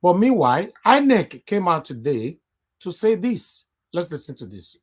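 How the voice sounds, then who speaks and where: A man's voice: high voice, very animated, moderate pace, slightly rough. A man presenting news commentary, hesitant with filler uhs.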